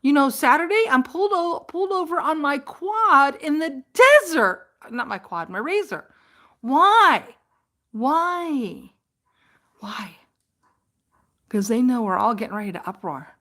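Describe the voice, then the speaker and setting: A woman talks to her live-stream viewers in a loose, rambling storytelling style. She laughs often, restarts her sentences and speaks with a fairly high voice. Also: expressive, measured pace, a bit bright. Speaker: vlogger on a live chat stream.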